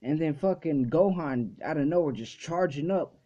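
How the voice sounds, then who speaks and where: A man's voice: on the high side, lively intonation, moderate pace, warm tone. A man hosting a casual video review who talks loosely and swears a lot, with many fillers. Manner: loose and profane, full of "like" fillers. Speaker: anime reviewer and channel host. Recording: dull lo-fi recording.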